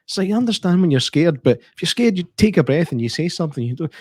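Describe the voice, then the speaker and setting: A man's voice: on the high side, fast talker, dry recording. Scottish man, dry close sound. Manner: animated, swears and laughs while telling anecdotes. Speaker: podcast co-host. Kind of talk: casual film review chat.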